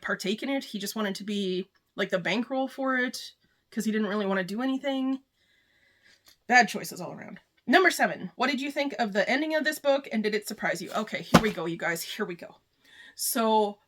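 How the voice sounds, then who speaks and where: A woman with a slightly raised pitch talks through a book in a casual review. She rambles from thought to thought, filling the gaps with "like" and loose asides. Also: fairly bright tone. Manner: chatty, rambling, heavy use of "like".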